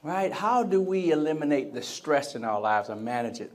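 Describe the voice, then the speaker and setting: Inside a convention center hall, a motivational speaker delivers a live keynote with energy, repeatedly prompting the crowd to answer back and acting out quoted voices. His voice is fairly high and moves at a normal speed.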